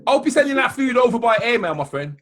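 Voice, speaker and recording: A man's voice: extremely high pitch, quick pace. A man co-hosting a podcast, telling stories and teasing the others in casual chat. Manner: animated, teasing, laughing storyteller. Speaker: podcast co-host.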